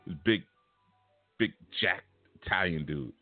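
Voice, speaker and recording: A spiritual teacher with a deep voice speaks a little slowly, giving a casual lesson built around a personal story told in blunt, streetwise slang. The sound is tinny and phone-like with faint music, but there is no echo.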